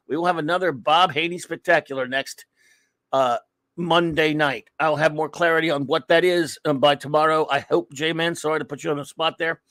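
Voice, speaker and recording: Chatty man giving shout-outs. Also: on the high side, steady tone, normal speed, no room sound. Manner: chummy, rambling shout-outs to chat viewers. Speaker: podcast host. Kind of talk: casual live-stream chat.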